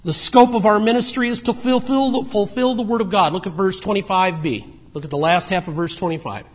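A man preaching a sermon in a conversational way, moving between emphatic points and quiet asides. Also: high voice, fairly quick. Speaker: pastor.

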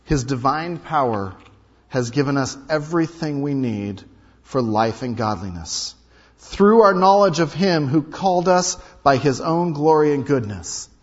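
A male pastor preaching a sermon, emphatic, repeating key lines and swinging between loud and hushed delivery. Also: a little high, lively intonation, unhurried, breathy edge. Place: large hall or sanctuary. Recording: dull sound with long hall reverb.

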